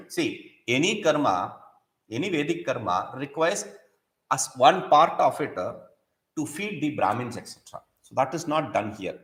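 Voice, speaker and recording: A man's voice: mid-range voice, big pitch swings, measured pace, fairly bright tone. Man teaching scripture in an echoey room. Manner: recites Sanskrit verses, then explains them in English with many restarts. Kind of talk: scripture lesson, explaining verses.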